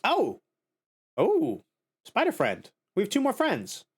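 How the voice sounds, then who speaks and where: A man streaming a game live, chatting casually in a goofy, giggly, excitable way. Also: extremely high pitch, takes it slowly, slightly rough.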